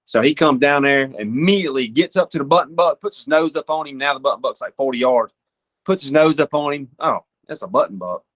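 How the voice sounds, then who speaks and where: A young man from Georgia, a podcast guest giving hunting advice through lively stories and imitating deer sounds and calls. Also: a little high, fast talker.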